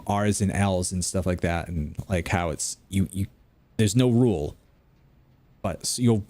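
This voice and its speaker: Deep voiced new guy rambling to chat while he plays, dry sound, no room echo. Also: darkish tone. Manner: rambling, chatty, answers viewer chat. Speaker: gaming video creator. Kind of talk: casual gameplay commentary. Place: home, late at night.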